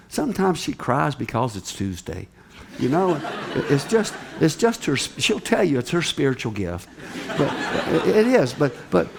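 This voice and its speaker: An older man preaching a sermon and telling a story, dropping to a hush and then rising to loud, emphatic lines. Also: fairly high pitch, vocal fry. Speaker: missionary speaker.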